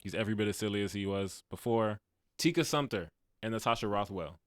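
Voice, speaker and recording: A man's voice: lowish voice, animated, quick pace, clean tone, no echo, clean studio sound. A man in his late twenties co-hosting a movie review podcast, chatting casually and animatedly, laughing often and acting out quotes. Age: late 20s. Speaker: podcast co-host. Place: podcast studio.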